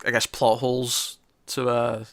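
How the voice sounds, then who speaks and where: A man's voice: medium pitch, monotone, a little slow, a bit bright, no echo, clean studio sound. A man co-hosting a podcast, reviewing a TV episode in casual chat, rambling with many fillers and restarts.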